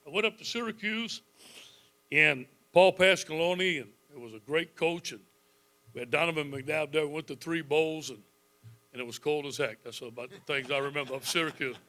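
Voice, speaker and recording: A man's voice: on the high side, normal speed. A man in his fifties, a football coach, telling folksy stories in a speech to a club audience, chuckling often. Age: 50s. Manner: folksy, animated storytelling with frequent chuckles.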